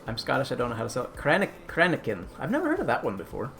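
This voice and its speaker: A man's voice: mid-range voice, wildly swooping pitch, racing, gravelly, fairly bright tone. A man hosting a casual cooking live stream, chatty and rambling as he answers chat.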